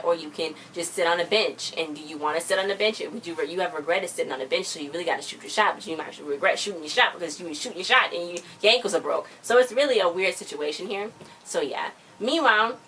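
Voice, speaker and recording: A chatty young woman gives her opinionated recap of a TV episode, doing little voices for the characters. Her voice is a bit low and a bit bright, with faint background noise.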